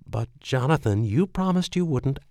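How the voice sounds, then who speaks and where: Brief: man voicing a shy young woman, hesitant, soft and breathy, pitched up. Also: animated, normal speed, no room sound, natural voice. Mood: pleading.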